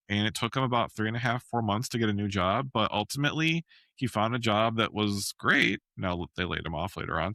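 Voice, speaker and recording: Bright-voiced indignant man, blunt talk. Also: fairly low pitch, creaky, no echo. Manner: blunt, indignant, swears freely. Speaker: podcast co-host. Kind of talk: casual chat.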